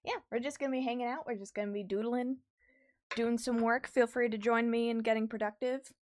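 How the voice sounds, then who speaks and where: A young woman streamer chatting casually with her viewers while she draws, easily excited and quick to laugh. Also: a little high, a little hiss or hum. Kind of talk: casual livestream chat while drawing.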